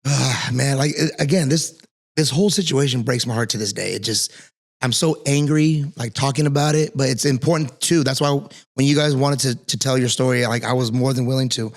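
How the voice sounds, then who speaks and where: A man's voice: medium pitch, a little fast. A man hosting an interview, talking in an earnest, candid way and swearing freely. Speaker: host. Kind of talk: casual interview chat.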